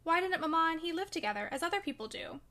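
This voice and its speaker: A delicate, fretful boy asks anxious questions in a high, plaintive voice, as a woman reads him in a storybook. His tone is bright and a little whiny, anxious and reluctant. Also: lively intonation, quick pace, full character voice.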